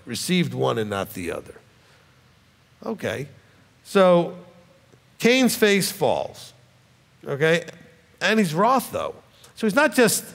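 A rabbi delivers a sermon, his gravelly voice swinging widely in pitch as he moves from easy explanation to emphatic insistence. The sound carries a long hall reverb. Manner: conversational teaching that rises to forceful emphatic peaks. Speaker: rabbi teaching a congregation. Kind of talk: sermon teaching.

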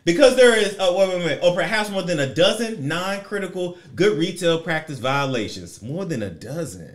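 Man, high voice, sassy, profane, theatrical commentary rant. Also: expressive, normal speed, hardly any pauses. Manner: sassy, profane, theatrical swings in pitch and volume. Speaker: commentary vlogger.

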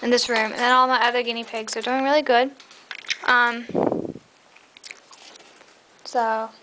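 A young woman with a fairly high voice chats on through a home tour of her pets' cages. She sounds tired and rambles, full of ums and likes. The handheld camera mic picks up clear background noise. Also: level tone, measured pace. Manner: rambling, chatty, many fillers; high coaxing voice when calling her pets. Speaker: pet vlogger. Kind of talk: casual pet cage tour. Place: indoor room at home.

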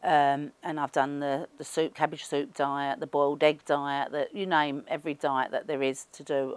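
A woman's voice: low-pitched, no echo. A middle-aged woman with a Cockney accent, chatting casually and rambling with lots of fillers as an interviewee. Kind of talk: casual chat.

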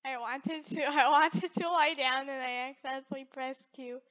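Giggly high-voiced woman playing a game. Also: steady tone, normal speed, hardly any pauses, a bit bright, muffled recording. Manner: giggly, teasing, frequently laughing. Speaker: gaming video creator. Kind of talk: playful gameplay commentary.

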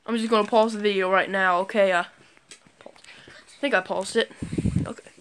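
Bright-voiced woman vlogger, melodramatic. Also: mid-range voice, steady tone, normal speed, clear, resonant tone. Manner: melodramatic, exclaiming, many fillers. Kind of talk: scripted prank vlog.

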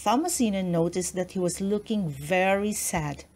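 A woman reading a children's storybook aloud, with gentle storytelling and voices for the characters. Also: mid-range voice, normal speed. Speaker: children's book reader.

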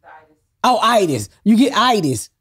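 A woman, a comedian guest in casual podcast chat, talking loudly and excitably and cussing freely. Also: mid-range voice, normal speed, breathy edge, no echo, clean studio sound.

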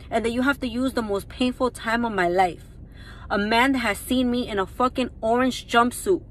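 Young woman, higher voice, mad as hell, cussing nonstop in a rant. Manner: furious and profane, swearing constantly. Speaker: reality TV personality. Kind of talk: angry rant to followers.

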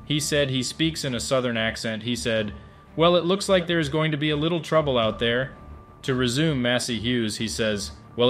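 In a mid-range voice with a fairly bright tone, a middle-aged former wartime filmmaker gives a firsthand spoken account of his service. He's plain and matter-of-fact, occasionally rambling and starting sentences over.

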